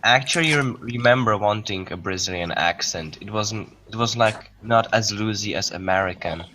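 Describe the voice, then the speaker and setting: Young guy with a deep low voice, kinda hesitant, restarts a lot, faint room hiss. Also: moderate pace. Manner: curious, hesitant, restarts often. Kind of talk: casual chat.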